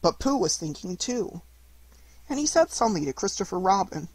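A man reading a children's storybook aloud, gentle and measured in delivery. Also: high-pitched, very animated, slightly rough, no room sound. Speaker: audiobook reader. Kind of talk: storybook narration.

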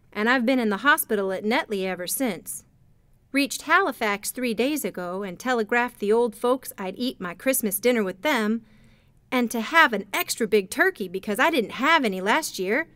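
A woman reading a storybook, voicing a young soldier home from war in a plain slightly lower voice. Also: lively intonation, normal speed, fairly bright tone, no room sound. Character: young wounded soldier, glum then cheerful.

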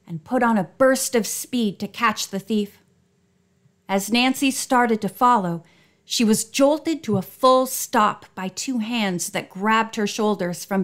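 A woman narrating an audiobook with clear, steady storytelling. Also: on the high side.

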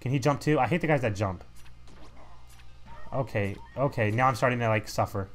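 A man's voice: mid-range voice, brisk, pauses often, faint music behind. A young man giving casual, sarcastic commentary as he plays a video game. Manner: sarcastic, mocking, reads game text in put-on voices. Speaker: let's play host.

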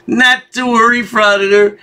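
A man's voice: extremely high pitch, steady tone, moderate pace, bright, forceful tone, clear, resonant tone. A man hosting a commentary channel, giving a sarcastic, taunting voice-over.

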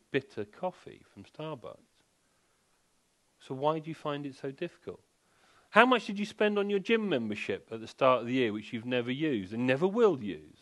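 A man giving a sleep seminar in a furniture showroom, joking and firing rhetorical questions at the audience. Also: on the high side. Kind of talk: public lecture to a live audience.

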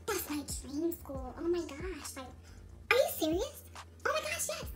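A woman's voice: extremely high pitch, very animated, normal speed, over loud music, voice pushed up. Woman putting on a squealing, gushing job applicant. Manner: squealing, fake-enthusiastic.

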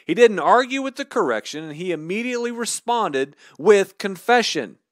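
A man hosting a podcast, giving casual sermon-style Bible teaching in a conversational, animated way with chuckles and asides. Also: high-pitched, moderate pace, no room sound, studio quality.

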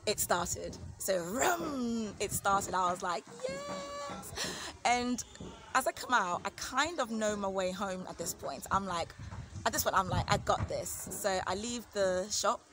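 Animated woman telling a story. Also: medium pitch, moderate pace, noisy background. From United Kingdom. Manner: animated, acts out quoted voices. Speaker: family vlogger. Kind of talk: casual story time. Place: at home.

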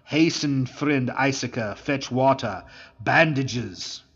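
Brief: man voicing a veteran bandit captain, calm and measured, muffled audiobook. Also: mid-range voice, slightly rough. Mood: urgent. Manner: cool, deliberate. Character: seasoned male bandit chief, cool and deliberate.

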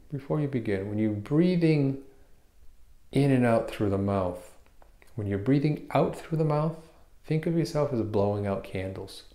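A man teaching a guided meditation, explaining hand positions and breathing slowly, step by step. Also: medium pitch, roomy sound. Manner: calm, step-by-step explaining with restarts. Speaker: meditation instructor.

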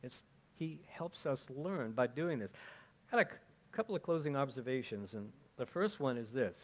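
A man's voice: mid-range voice, lively intonation, moderate pace. A male pastor delivering a sermon in an easy, conversational way. He keeps checking in with his listeners and asks them questions as he goes. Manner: chatty, asks the congregation questions, frequent "okay?".

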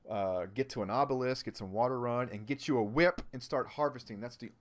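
A man giving let's-play commentary on his own gameplay, joking and talking to himself, his volume swinging between loud outbursts and quiet mutters. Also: mid-range voice, brisk. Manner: playful, jokey, talks to himself while playing, volume swinging from loud to muttered. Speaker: gaming channel host.

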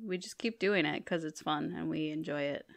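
A woman's voice: deep voice, moderate pace, gravelly. A woman co-hosting a podcast in casual chat, easygoing and giggly, laughing often. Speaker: podcast co-host.

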